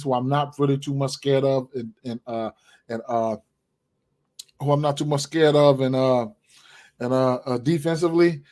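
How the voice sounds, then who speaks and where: A man's voice: medium pitch, darkish tone. A man giving his sports betting picks in casual, rambling talk, full of fillers and repeated words. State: hiccups, clearing throat.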